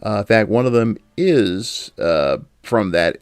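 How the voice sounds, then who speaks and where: A man's voice: fairly low pitch, animated, a little slow, smooth, no room sound, clean studio sound. A man hosting a casual podcast chat, telling anecdotes and laughing often. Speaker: podcast host.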